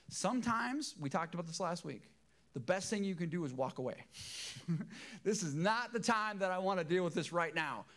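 A middle-aged man preaching a sermon as pastor, emotional and emphatic, repeating key phrases. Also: on the high side.

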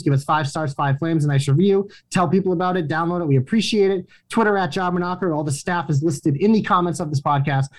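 A man hosting a wrestling podcast, loose and casual, swearing and running through plugs. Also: a little high.

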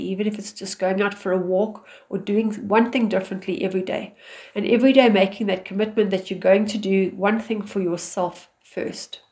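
A woman speaks with calm firmness as she gives advice, steady and instructive, her pitch sitting right in the middle of the range. She talks like a mother laying down clear rules. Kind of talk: direct advice talk.

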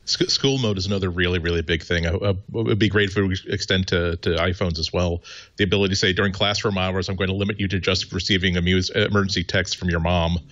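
A man's voice: sits low, steady tone, fast talker, fairly bright tone, dry recording, lo-fi sound. A man on a tech podcast panel, talking eagerly with stumbling restarts. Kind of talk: casual tech chat.

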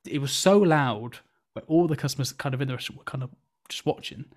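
Fast-talking young man. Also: mid-range voice. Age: 20s. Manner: animated, fast anecdote telling with swearing. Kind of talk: casual podcast storytelling.

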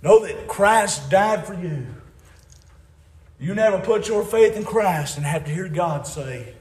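A man preaching a fiery revival sermon, shouting at his peaks, then dropping low for emphasis, with folksy grammar. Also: animated, unhurried. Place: church. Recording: very echoey church hall.

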